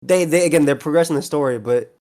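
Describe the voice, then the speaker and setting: A man's voice: a little high, fast, darkish tone. A man on a podcast, retelling a scene in eager detail with lots of restarts. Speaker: podcast host. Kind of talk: casual chat.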